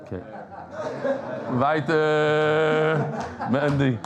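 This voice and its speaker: Guy teaching talmud class, kinda high voice, jokey and animated, keeps restarting sentences. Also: extremely slow, highs cut off, crowd noise. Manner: animated, joking with the room, frequent restarts. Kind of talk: live Talmud class, casual explaining.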